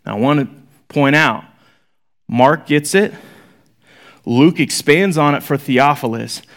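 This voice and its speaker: High-voiced man teaching Bible study. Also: slow. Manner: animated, reads scripture aloud with rising emphasis; chatty and informal, many asides to listeners.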